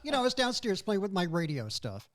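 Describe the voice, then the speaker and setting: A man in his sixties, a guest on a podcast, telling stories from his childhood in a casual, animated way. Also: sits high, fast talker. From New York. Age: 60s. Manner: animated, mimics his mother's voice. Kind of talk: casual storytelling.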